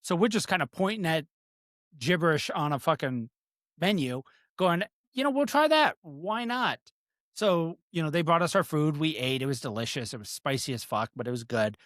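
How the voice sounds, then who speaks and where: A man's voice: a little high, animated, brisk, a bit bright, no echo, clean studio sound. A man co-hosting a podcast, telling a long, rambling story in casual chat with casual swearing. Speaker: podcast co-host.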